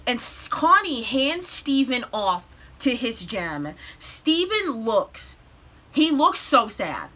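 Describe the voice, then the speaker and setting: Tearful, excitable young woman recapping a show. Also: fairly high pitch. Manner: tearful, breaks off to compose herself; animated retelling with quick bursts. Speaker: vlogger.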